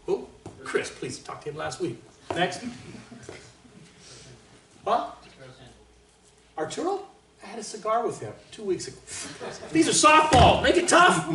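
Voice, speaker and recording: A man from Canada leading a trumpet master class in a casual, joking way, with boastful asides and sudden loud exclamations. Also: sits high. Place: large room with an audience. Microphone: distant microphone. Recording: roomy, distant sound.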